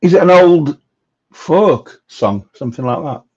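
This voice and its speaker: A man's voice: fairly high pitch, expressive, measured pace, a little mellow, husky. A middle-aged man hosting a casual live chat, joking, laughing often and breaking into bits of folk songs. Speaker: host. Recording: dull lo-fi sound.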